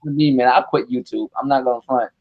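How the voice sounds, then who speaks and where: A man co-hosting a casual gaming chat, animated and profane, laughing often as he rants. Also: medium pitch, fast talker, highs cut off. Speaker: gaming channel co-host.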